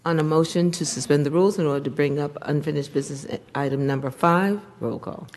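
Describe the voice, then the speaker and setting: A woman mayor chairing a city council meeting, announcing votes in a brisk procedural manner with casual asides. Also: deep voice, fairly even intonation, darkish tone.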